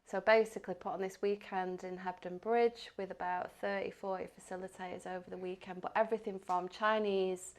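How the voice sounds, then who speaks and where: A woman's voice: medium pitch, level tone, fairly quick, few pauses. A middle-aged woman, a podcast guest talking casually and enthusiastically, often asking rhetorical questions. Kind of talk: casual conversation.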